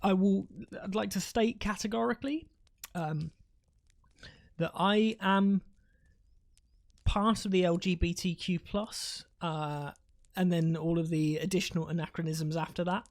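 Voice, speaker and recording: A woman's voice: on the low side, unhurried, long pauses, darkish tone. A woman casting a live strategy game match in a loose, rambling way, swearing freely and laughing at her own jokes. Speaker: esports caster. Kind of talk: casual live game commentary.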